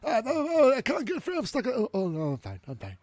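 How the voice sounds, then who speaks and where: A man voicing a worried, stuttering, slow-witted chubby man from a cartoon. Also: huge pitch swings, a little mellow, no echo, heavily acted. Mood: fretful. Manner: nervous stutter, high and fretful.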